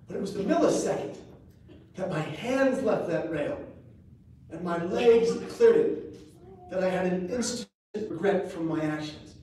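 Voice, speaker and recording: A man delivers a heartfelt live speech in a room with a strong echo, picked up from a distance. His voice sits somewhat high, and he moves from hushed, slow lines to bursts of loud, fast joking. Faint room ambience lingers behind him. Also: a little hiss or hum. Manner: earnest storytelling with jokes, swings from quiet to loud. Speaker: public speaker. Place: large event room. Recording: echoey live room recorded from far off.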